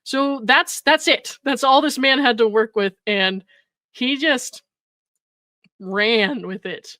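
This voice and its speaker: A woman with a higher voice hosts a reaction commentary in a blunt, sarcastic way, laughing between remarks. Her voice sounds close and dry. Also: slow, bright, forceful tone, no room sound. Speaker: commentary host.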